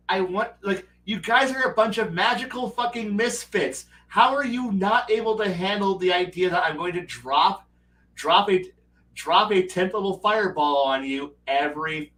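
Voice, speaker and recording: A man hosting a casual livestream, telling profane, animated stories about running a tabletop game. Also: high voice, recorded from a distance, poor audio. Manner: animated, profane storytelling with acted player quotes. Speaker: stream host and game master.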